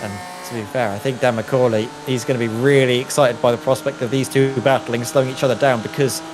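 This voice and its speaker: A man giving steady, analytical live sim racing commentary with a dry sense of humour. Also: medium pitch, a little fast, background noise.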